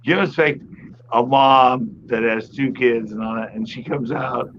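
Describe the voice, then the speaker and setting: A man's voice: medium pitch, steady tone, measured pace, a bit bright. A middle-aged man chatting casually as a guest on a livestream, telling stories and laughing often. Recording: slightly dull sound, faint noise.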